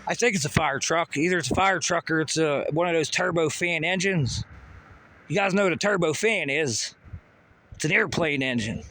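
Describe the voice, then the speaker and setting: A man's voice: fairly high pitch, moderate pace, bright, forceful tone. Profane rambling man outdoors by traffic. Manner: profane, rambling, pseudo-technical. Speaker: vlogger. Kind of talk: rambling monologue to camera. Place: outdoors near a busy road.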